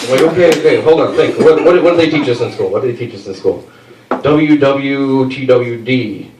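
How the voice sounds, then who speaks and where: A man doing a stand-up comedy set, telling a story and jumping into high put-on voices for the people in it. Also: expressive, racing. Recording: roomy, distant mic with faint noise.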